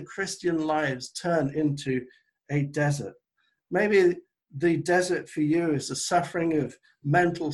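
A man preaching a sermon over a video call, earnest and conversational, recovering from an illness. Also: on the high side. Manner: earnest, conversational preaching with self-deprecating asides. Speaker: pastor.

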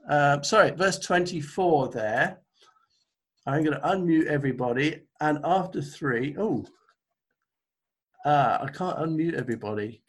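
Man, pastor, sermon on a video call, earnest, chatty, self-deprecating, fairly high voice. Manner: earnest, conversational preaching with self-deprecating asides. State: recovering from illness.

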